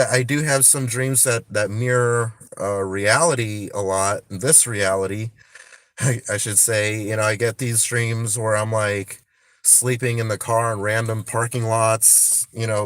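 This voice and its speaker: A man's voice: on the low side, fairly bright tone, dry recording. A man chatting casually on a phone livestream, rambling with many restarts and frequent swearing.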